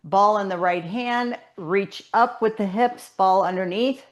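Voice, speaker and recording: A woman's voice: medium pitch, takes it slowly. A woman leading a pilates class, giving cues and counting reps as she does the moves herself, a bit out of breath. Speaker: pilates instructor. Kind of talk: guided exercise class instruction.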